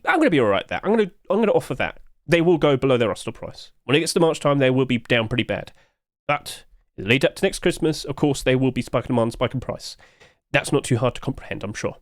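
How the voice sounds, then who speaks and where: A man hosting a gaming channel, rushing through casual market commentary, rambling and correcting himself as he goes. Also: a little high, no room sound, studio quality. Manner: quick, rambling, self-correcting, chuckles often.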